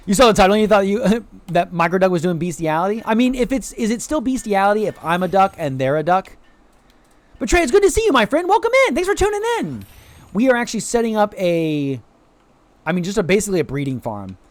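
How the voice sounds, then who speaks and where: A man from the United States chatting casually to viewers while streaming a game, greeting chat and dropping playful quacks. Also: on the high side. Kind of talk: casual live-stream chat over gameplay.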